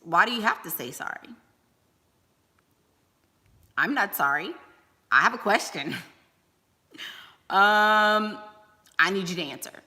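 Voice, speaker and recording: A woman's voice: medium pitch, animated, slow, pauses often, bright, forceful tone, in a large hall. A woman giving life-coaching advice on a livestream, blunt and emphatic, firing rhetorical questions.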